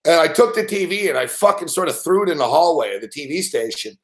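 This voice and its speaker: A man's voice: on the high side, expressive, fast talker. A man hosting a sports betting show, telling rambling, profanity-laced anecdotes with frequent laughs. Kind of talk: casual storytelling on a live stream.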